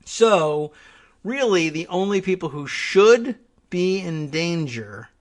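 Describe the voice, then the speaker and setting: A man hosts a solo political commentary show, musing aloud with weary exasperation. His voice sits slightly high for a man, and he talks his way through each point. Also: a bit bright. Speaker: host.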